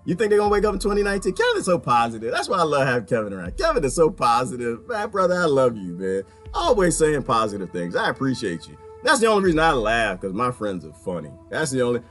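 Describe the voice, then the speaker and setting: A man delivering a ranting comedic monologue, swinging from low mutters to high-pitched outbursts. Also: huge pitch swings, quick pace, few pauses, fairly bright tone, soft background music. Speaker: vlogger.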